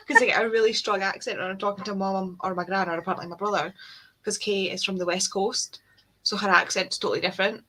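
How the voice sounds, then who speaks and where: A woman's voice: mid-range voice, very animated, normal speed, pushed and bright, breathy edge. A woman with a Scottish accent chatting casually with friends, laughing easily. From Scotland. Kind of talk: casual group chat.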